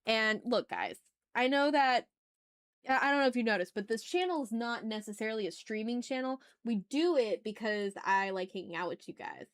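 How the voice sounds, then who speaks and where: Drawing live on stream, this young adult woman speaks at a fairly high pitch and moderate pace. She narrates every step as she chats casually, frequently apologizing and laughing at herself.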